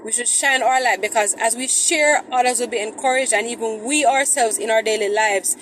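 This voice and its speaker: A woman's voice: fairly high pitch, fairly quick, fairly bright tone, low-quality recording. A woman hosting a Christian vlog, talking chattily to viewers from her car in traffic. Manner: chatty, preachy, addresses viewers as guys. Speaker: vlog host. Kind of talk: casual Christian vlog talk.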